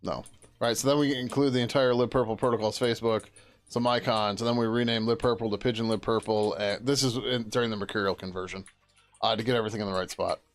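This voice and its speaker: Low-voiced man muttering while coding. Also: steady tone, fast talker, soft background music. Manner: mutters to himself, casual swearing, trailing off. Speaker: software developer streaming his work. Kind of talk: live coding, thinking aloud.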